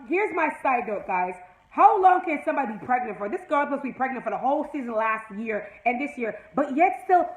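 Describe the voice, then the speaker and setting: A woman from Jamaica with a high voice recaps a TV episode in loose, chatty commentary. She talks bluntly and sassily, with profane asides. The room around her rings with echo. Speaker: TV episode reviewer.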